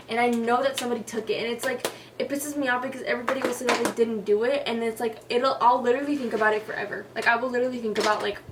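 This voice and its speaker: Young woman vlogger, higher voice, casual and swearing, a bit off-mic in a faintly noisy room. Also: distant mic. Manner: chatty, profane, lots of "like" and "y'all". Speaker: beauty vlogger. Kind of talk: casual storytelling during a makeup tutorial. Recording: voice a little off-mic with faint noise.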